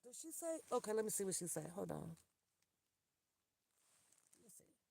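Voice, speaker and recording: A very animated woman with a mid-range, gravelly, dark and slightly rough voice talks at normal speed, with no echo. She's vlogging from her car on a phone camera, ranting to her viewers in an exasperated, laughing way and swearing freely.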